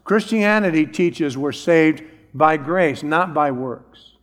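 A man's voice: fairly high pitch, lively intonation, takes it slowly, big-room sound. A middle-aged man preaching a sermon as a pastor, emphatic and repeating key phrases.

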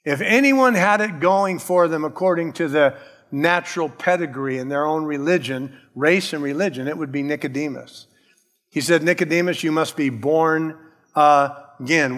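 Male pastor, fairly high voice, preaching emphatically in a church with a long echo. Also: fairly bright tone. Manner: emphatic preaching, calls out "Amen?", acts out quoted voices. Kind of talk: sermon.

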